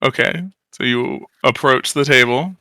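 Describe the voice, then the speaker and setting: A man's voice: mid-range voice, a little slow, sharp tone, no room sound. A man running a tabletop game as game master, loose and profane, laughing often with his players.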